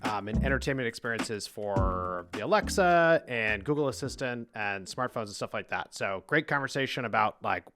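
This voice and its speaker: A man's voice: mid-range voice, animated, moderate pace, few pauses, music in the background. A man hosting a podcast, chatting casually and telling a playful story with lots of laughter. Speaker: podcast host. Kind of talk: casual chat.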